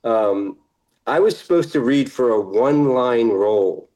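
A middle-aged man, an actor guest in a casual interview, relaxed and laughing often, sometimes trailing off mid-sentence. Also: mid-range voice, unhurried, rough recording.

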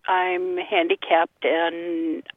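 An older woman calling in to a radio show, chatting gently about talking to her daughter's dog. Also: on the low side, little pitch movement, drawn-out words, no echo. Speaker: caller. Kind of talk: casual call-in chat. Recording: muffled phone line.

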